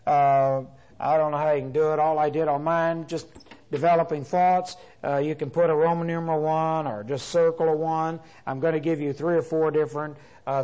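A man teaching a Bible class in a lecture style, deliberate, restating his points with frequent "uh" fillers. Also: a little high, a little mellow, low-quality recording.

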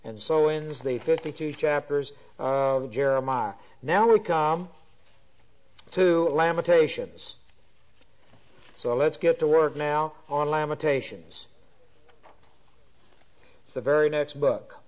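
A man's voice: on the high side, takes it slowly, pauses often, a little mellow. Man teaching a Bible lecture, lo-fi. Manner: repeats points, many filler uhs. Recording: dull lo-fi recording.

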